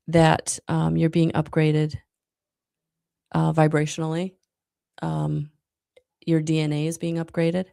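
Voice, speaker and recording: A woman reads tarot cards live for her viewers in a low voice with a gravelly edge. She talks slowly and softly, with a spiritual tone, and often pauses on ums. She gets emotional at times. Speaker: tarot reader.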